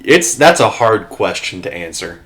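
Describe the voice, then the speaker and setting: A man's voice: on the low side, big pitch swings, normal speed, fairly bright tone. A man running a tabletop game as game master, laid-back and hesitant, with many fillers.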